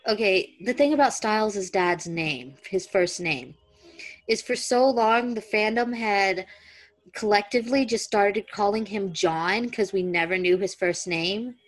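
A woman's voice: medium pitch, rough recording. A young woman co-hosting a podcast, reading fan fiction aloud and chatting casually with self-corrections. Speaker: podcast co-host and reader.

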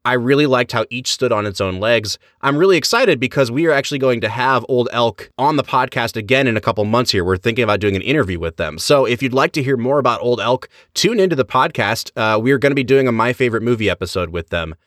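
Animated man co-hosting a podcast. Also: mid-range voice, fast talker, hardly any pauses, no echo, studio quality. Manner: enthusiastic, chatty, animated. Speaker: podcast co-host. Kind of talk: casual chat.

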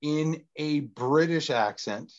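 A man co-hosting a podcast, teasing his co-host in casual banter and talking fast in bursts. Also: fairly high pitch. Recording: dull lo-fi sound.

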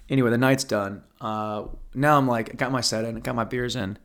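A man's voice: mid-range voice, lively intonation, fast talker, few pauses. A male comedian spinning a long anecdote in a loose, profane, rambling way. He corrects himself mid-story and mocks his own failures. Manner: profane, rambling, self-deprecating. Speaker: stand-up comedian. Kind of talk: stand-up storytelling.

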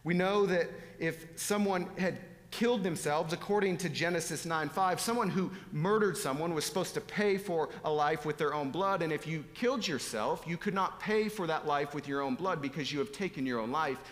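A man preaching a sermon, animated and emphatic, swinging between loud exclamations and hushed asides. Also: a little high, normal speed, few pauses, in a large hall.

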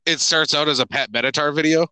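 A man's voice: on the high side, fast, pushed and bright, smooth, low-quality recording. A man co-hosting a casual podcast, making wry jokes about a film and laughing along. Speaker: podcast co-host. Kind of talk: casual chat reviewing a film.

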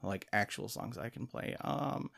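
A man's voice: lowish voice, unhurried, gravelly, fairly bright tone, dry recording. A man chatting casually as a guest, rambling with lots of fillers and laughing easily. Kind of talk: casual chat.

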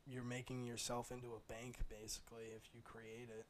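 A man's voice: medium pitch, completely flat delivery, fairly quick. A man co-hosting a casual podcast, joking in a playful, fake salesman patter. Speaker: podcast co-host. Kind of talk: casual chat.

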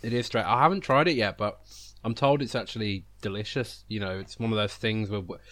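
A British man with a lowish voice, talking casually as a podcast co-host. He rambles and teases in a chatty way. He is eating while he talks. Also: a little fast, a bit bright. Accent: British English. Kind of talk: casual chat.

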